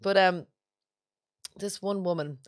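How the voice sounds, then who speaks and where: A woman's voice: mid-range voice, slow pace, no echo, clean studio sound. An Irish woman, a podcast co-host, chatting and telling a story in a teasing, casual way. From Ireland. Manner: teasing, chatty, with fillers and restarts.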